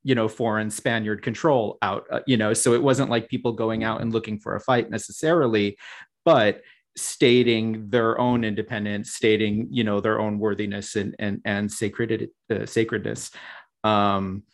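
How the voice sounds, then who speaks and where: Halting low-voiced man. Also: steady tone. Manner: halting, many fillers and restarts. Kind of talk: casual spiritual chat.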